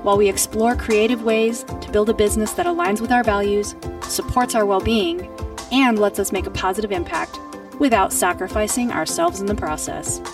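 A woman's voice: medium pitch, normal speed, over music. A woman hosting a podcast, reading an upbeat scripted intro and then chatting loosely with her guest. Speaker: podcast host.

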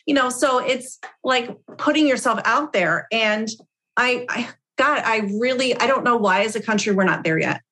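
A middle-aged woman hosting a podcast interview, chatting in an animated way and laughing through her stories. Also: on the high side, normal speed. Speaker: podcast host. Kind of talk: casual interview chat.

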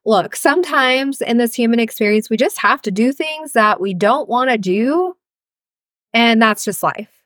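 A woman's voice: a little high, animated, a little slow, fairly bright tone, no room sound, studio quality. A woman in her thirties hosting a podcast as a healer coach, talking casually and frankly, cussing freely. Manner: chatty, frank, cusses freely. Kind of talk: casual solo podcast talk.

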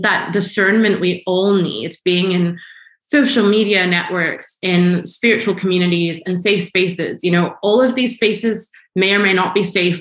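A woman, a guest on an interview show, telling a personal story in an earnest, animated way with frequent restarts. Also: on the low side. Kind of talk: casual conversational storytelling. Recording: echoey room.

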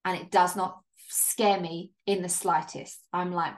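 A woman's voice: medium pitch, fast, hardly any pauses. Upbeat, swearing woman podcast coach. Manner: upbeat, emphatic, casual swearing; chatty with frequent "like" and laughs. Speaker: podcast host and business coach. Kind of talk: solo podcast monologue.

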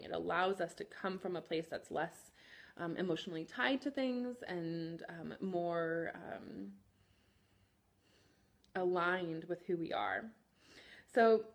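A woman in her thirties hosts her own podcast, talking in a gentle, candid, reflective way. Her pitch sits at an ordinary middle height for a woman. She pauses often and fills the gaps with soft "um"s. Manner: gentle, candid, frequent "um" fillers. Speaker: podcast host, therapist. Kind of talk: reflective personal talk.

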